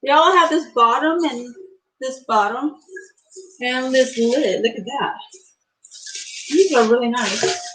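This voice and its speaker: A middle-aged woman vlogging an excited unboxing in her home kitchen, gushing and exclaiming often. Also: high voice, takes it slowly, pauses often, low-quality recording.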